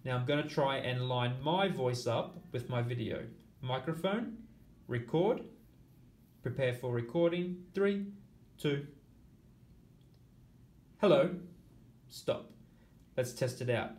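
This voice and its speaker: A man's voice: medium pitch, slow pace, pauses often. Man explaining steps in an echoey room. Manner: steady step-by-step explaining, counting aloud. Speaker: teacher. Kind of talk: screen-recorded tutorial walkthrough.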